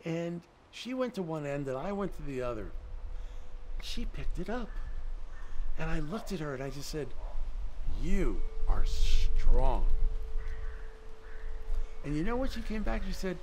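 A man's voice: on the high side, a little hiss or hum. A middle-aged man, a guest in an interview, telling stories and acting out the dialogue he quotes. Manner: animated storyteller, acts out quoted dialogue. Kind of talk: storytelling in a conversational interview.

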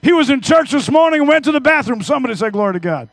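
A man in his fifties preaching a sermon in church, telling stories energetically and swinging between hushed and loud. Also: extremely high pitch, sing-song, very fast, no room sound. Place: church service.

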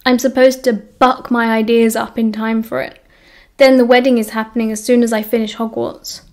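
A woman with a British accent reading the lines of a bitter, dramatic teenage boy wizard who enunciates crisply. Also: on the high side, level tone, moderate pace, a little mellow, lightly acted.

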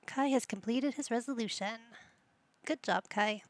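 Woman gamer host, unhurried, dry close-mic sound, casual running commentary talking to her characters. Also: fairly high pitch, no room sound. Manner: chatty, talks to the game characters as she plays. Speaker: gaming channel host. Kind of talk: casual let's-play commentary.

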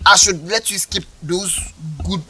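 A man's voice: high voice, fairly even intonation, measured pace, pushed and bright, slight background noise, heavily acted, poor audio. A man playing a rude, arrogant bank officer who talks down to a customer. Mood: mocking. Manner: scornful, bossy, dismissive. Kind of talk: short film acting.

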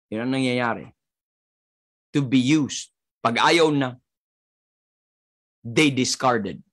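A man's voice: mid-range voice, fairly bright tone. A man with a Filipino accent preaching a sermon as pastor, emphatic and repetitive, breaking up his points with "Amen.".

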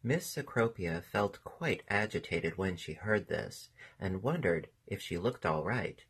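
Male narrator for a storybook, gentle and expressive, low voice with lively melody. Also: a little slow, breathy edge. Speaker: reader.

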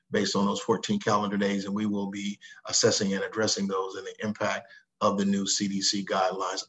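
A man giving a public health update over a video call, halting with many uhs and ums. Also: fairly low pitch, fairly bright tone, poor audio. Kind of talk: official briefing update.

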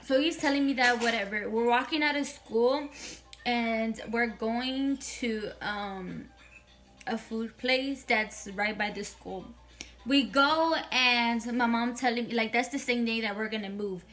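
A woman's voice: on the high side, measured pace, fairly bright tone, soft background music. A young woman vlogger telling a casual storytime monologue, chatty and full of swearing, slipping in Spanish phrases.

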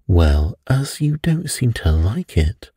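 A man's voice: on the low side, big pitch swings, slow pace, dark tone, slightly rough, dry recording, studio quality, pitched above the performer's own voice, full character voice. A man reading a bedtime story, voicing a careless, scoffing middle-aged doctor who laughs things off.

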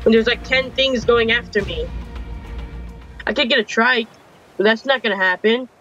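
Young man, very high voice, bright and sharp tone, gameplay commentary, annoyed rambling, game music behind. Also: normal speed, dull audio. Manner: frustrated, complaining, swears mildly. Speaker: gaming channel host.

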